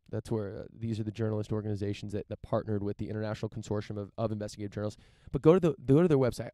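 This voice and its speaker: A man from the United States commenting casually on news and reading passages aloud, halting and repeating words as he searches for his point. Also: on the low side, warm tone, smooth, dry recording, clean studio sound. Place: outdoors in front of a mansion.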